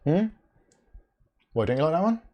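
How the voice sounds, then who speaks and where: In a muffled recording, a man with a fairly high, sing-song voice talks at normal speed through a casual livestream. He reads viewer comments, responds with dry asides, and chattily hums "da da da" between them.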